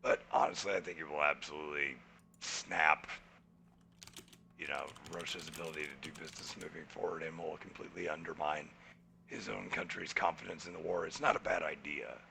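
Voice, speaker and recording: A man co-hosting a casual podcast, his very low voice gravelly yet sharply bright. He tells stories in an animated way and mimics the people he talks about. A faint noise sits behind him. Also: fairly quick. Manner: animated, acts out quoted people in his anecdotes. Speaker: podcast co-host. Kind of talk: casual storytelling chat.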